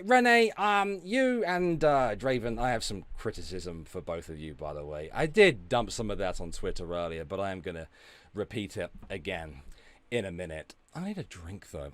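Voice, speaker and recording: A man's voice: on the low side, no echo. A man streaming, ranting and talking back to his chat, sweary and sarcastic. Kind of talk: ranting livestream commentary.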